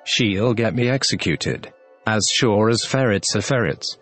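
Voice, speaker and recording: A man voicing an anxious, fussy male white rabbit in a storybook reading, muttering and scolding in a lowered voice. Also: fairly bright tone, faint music behind. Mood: fretful. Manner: fretful, hurried muttering.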